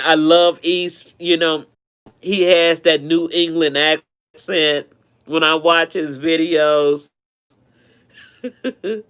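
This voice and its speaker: A man with a fairly high, smooth and clear voice hosts a relaxed live stream. He chats warmly with his viewers and tends to repeat himself as he goes. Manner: chatty, affectionate, repeats himself.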